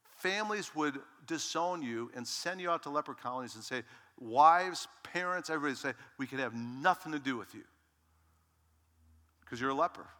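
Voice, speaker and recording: A man in his sixties preaching a sermon as pastor, dramatic, dropping to a hush and rising to a shout. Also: a little high, lively intonation, moderate pace. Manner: dramatic, swinging from hushed to shouting. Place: church sanctuary. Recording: long reverb in a large hall.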